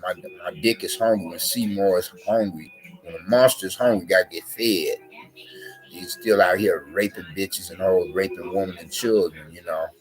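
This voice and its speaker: Man, low voice, rambling vlog rant, repetitive, lots of fillers, cursing, faint music in background. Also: normal speed, low-quality recording. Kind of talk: casual rant to camera.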